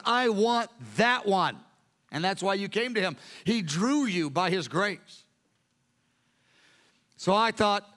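A male pastor preaching a sermon with animated storytelling. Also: high voice.

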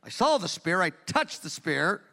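A man preaching voices an embarrassed male army commander, hushed and bewildered. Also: high-pitched, sing-song, unhurried, gravelly, long reverb tail, exaggerated voice.

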